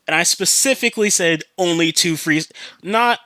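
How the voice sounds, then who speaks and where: A man's voice: high voice, normal speed, pushed and bright, no room sound. A young man hosting a podcast, telling a story in a loose, profane, rambling way with many fillers, and growing earnest on serious topics. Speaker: podcast host. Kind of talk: casual rambling monologue.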